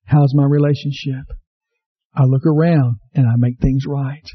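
Husky and flat, this man preaches at a measured pace, earnestly repeating points and asking his congregation questions. He's a pastor, captured on a slightly dull, low-fidelity recording.

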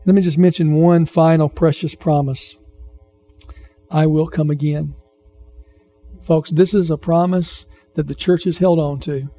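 A pastor preaches to his congregation in a warm, relaxed voice that sits a little high for a man. He talks to the people rather than at them, circling back to the same phrases and putting questions to the room. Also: unhurried. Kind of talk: sermon.

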